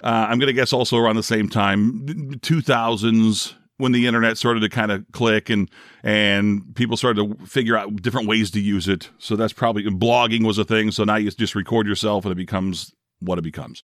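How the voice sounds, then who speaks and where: The speaker, a middle-aged ex-radio DJ from Northeast Ohio, runs his own podcast and chats casually and self-deprecatingly in a solo monologue. His voice is on the low side and slightly bright, with fairly even intonation and a moderate pace, recorded dry with clean studio sound.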